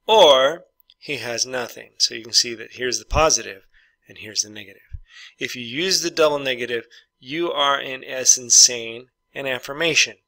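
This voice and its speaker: A man's voice: mid-range voice, normal speed, pushed and bright, no room sound. A man teaching an English grammar lesson, patiently walking through example sentences and repeating each one.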